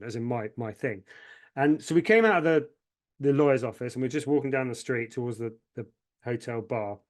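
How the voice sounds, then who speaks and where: Speaking at normal speed in a voice on the high side, an agency founder shares his story as a podcast guest. He's candid and emotional, repeating words when something moves him and voicing what others told him.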